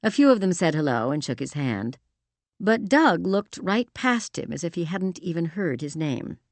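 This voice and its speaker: A woman narrating a romance audiobook in an expressive storytelling manner, also speaking the heroine's lines. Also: on the low side, normal speed, no room sound. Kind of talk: scripted narration.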